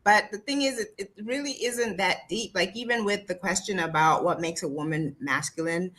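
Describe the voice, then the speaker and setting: A woman's voice: mid-range voice, normal speed, fairly bright tone. A woman co-hosting a casual discussion show, earnest and explaining, who makes her points firmly and simply. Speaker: co-host.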